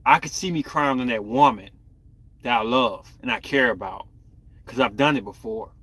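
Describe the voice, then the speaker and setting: A man's voice: medium pitch, normal speed, fairly bright tone, slightly rough, dry recording. A young man hosting a podcast, talking candidly and loosely with his viewers. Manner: candid, rambling, talks to viewers. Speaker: podcast host. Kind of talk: casual live-stream chat.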